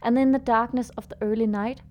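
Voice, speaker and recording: A woman playing a student podcaster who chats hesitantly and then reads a ghost story aloud in a steady voice. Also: a little high, brisk, soft background music, close to an everyday voice. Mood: storytelling.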